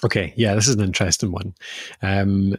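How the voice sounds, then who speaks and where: Husky Scottish man, dry sound. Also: sits low, steady tone, fairly quick, dry recording. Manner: easygoing and explanatory, with playful vowel demonstrations. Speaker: podcast co-host explaining voice skills. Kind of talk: casual podcast chat.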